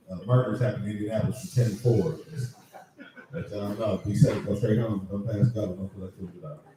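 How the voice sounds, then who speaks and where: A man's voice: on the low side, dark tone. A man hosting a comedy night, chatting with the crowd in a laid-back way before he brings up the next act. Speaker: open mic host. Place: comedy club. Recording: echoey club room, mic from far.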